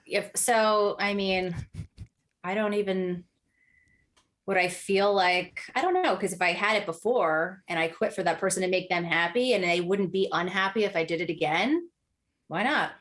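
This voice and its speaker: A woman's voice: mid-range voice, normal speed, fairly bright tone. A woman guest on a podcast, chatting casually with a dry, sarcastic streak. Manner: sarcastic, easygoing. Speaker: guest, online content creator.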